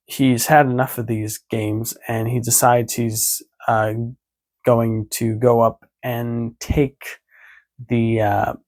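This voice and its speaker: Male vlogger, casual recap, rambling, mid pitch. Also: gravelly. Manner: rambling, many fillers.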